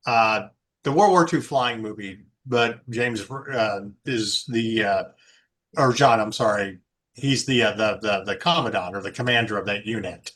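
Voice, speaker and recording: Another podcast co-host, he talks casually and rambles, often restarting and filling gaps with fillers. His voice sits on the low side and has a sharp tone.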